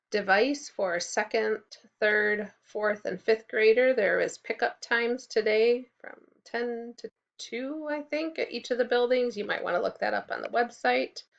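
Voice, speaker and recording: A woman teaching a kindergarten class in a recorded lesson, speaking clearly and encouragingly and prompting the children to repeat after her. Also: mid-range voice, lo-fi sound.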